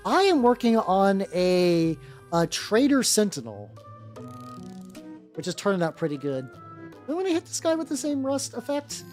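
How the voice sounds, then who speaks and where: A miniature-painting streamer chatting casually and rambling through tangents while painting. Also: mid-range voice. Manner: rambling and animated, full of fillers and tangents. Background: faint background music.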